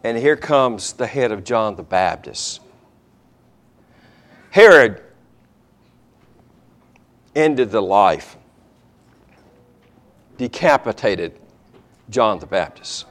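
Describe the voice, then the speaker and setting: A man's voice: lowish voice, animated, extremely slow, long pauses. A man preaching a sermon, telling a Bible story dramatically and acting out the characters.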